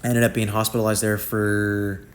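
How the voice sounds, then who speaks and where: With a lowish voice at normal speed, a young content creator recounts wild life stories in a casual monologue. He's slangy and animated, performing quotes in shifting voices.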